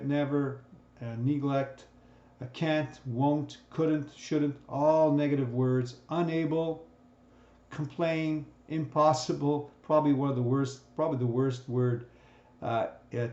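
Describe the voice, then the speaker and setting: In a recorded lecture on communication, a male instructor teaches conversationally, frequently checking in with "right?" and restarting sentences. His voice is medium-pitched with a dark tone. The recording sounds roomy and dull.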